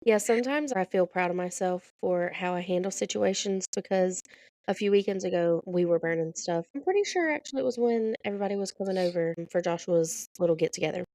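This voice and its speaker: A woman's voice: fairly low pitch, expressive, fairly quick, mellow, no room sound. A woman co-hosting a podcast in casual chat, teasing her sister with dry remarks. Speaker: podcast co-host.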